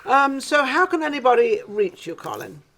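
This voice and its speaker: A British woman hosting a casual interview show in a studio, chatty and rambling, quick to agree with her guest. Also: high-pitched, huge pitch swings, a bit bright. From Britain. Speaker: talk show host. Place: studio in an office building.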